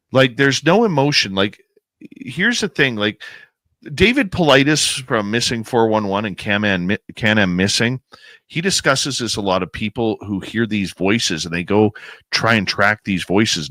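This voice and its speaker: A man telling a suspenseful outdoor experience as a guest on a podcast, animated and pausing to build suspense. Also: lowish voice, dry recording. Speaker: guest, paranormal researcher and radio host. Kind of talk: casual storytelling in a podcast interview.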